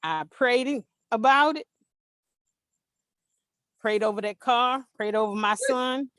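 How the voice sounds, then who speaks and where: A mother telling an animated, emphatic story in an interview, acting out the dialogue. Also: fairly high pitch, slow pace, clean tone, dry recording. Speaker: interview guest, parent.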